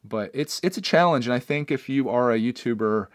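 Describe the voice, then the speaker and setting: Casting: man in his thirties, solo podcast host, earnest and rambling, mid-pitched, dry close mic. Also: animated, brisk, no echo. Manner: rambling, earnest, many restarts. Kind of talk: casual solo podcast chat.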